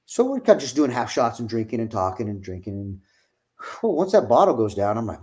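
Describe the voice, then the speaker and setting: Animated middle-aged man telling stories. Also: on the low side, brisk. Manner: animated, laughing storyteller, swears freely. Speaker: wrestling guest. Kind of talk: casual storytelling.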